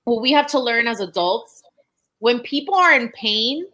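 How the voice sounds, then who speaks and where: A woman's voice: fairly high pitch, animated, normal speed, pushed and bright. A woman co-hosting a podcast, making her points emphatically and one by one in casual chat. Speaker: podcast co-host.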